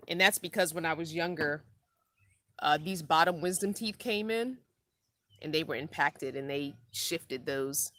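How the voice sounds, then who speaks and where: A woman's voice: sits low, a little slow, a bit bright, dry recording. A middle-aged woman hosting a casual live stream, tired from lack of sleep, rambling laid-back and reading viewer comments aloud. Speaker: van-life vlogger hosting a live stream.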